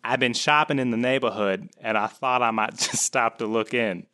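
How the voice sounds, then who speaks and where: A man's voice: mid-range voice, fairly even intonation, normal speed, pushed and bright. A man performing in a comedic improv scene, flustered and self-deprecating as he struggles with the lines.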